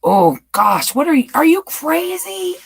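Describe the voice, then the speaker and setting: A woman's voice: sits high, big pitch swings, unhurried, creaky, low-quality recording. A woman hosting a rambling, casual live chat and reading viewer comments aloud. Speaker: livestream host.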